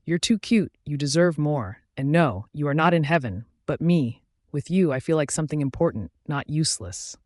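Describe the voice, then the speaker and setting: A man reading the lines of a young male werewolf alpha in an audiobook, gentle and teasing. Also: fairly high pitch, expressive, normal speed, no echo, studio quality, natural voice. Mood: tender.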